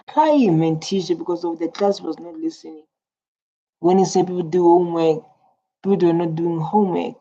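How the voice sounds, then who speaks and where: A woman's voice: lowish voice, normal speed, mellow, dull audio. A woman giving casual reaction commentary, rambling and repeating her words. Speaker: reaction video host.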